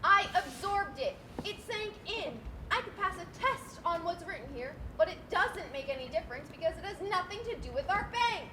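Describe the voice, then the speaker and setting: A woman's voice: very high-pitched, lively intonation, moderate pace, hardly any pauses, pushed and bright, a little hiss or hum, heavily acted. A woman playing a harried, stiffly formal female bank manager in a live stage play, recorded on a school stage. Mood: exasperated. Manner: stiff, formal, increasingly exasperated. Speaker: stage actor.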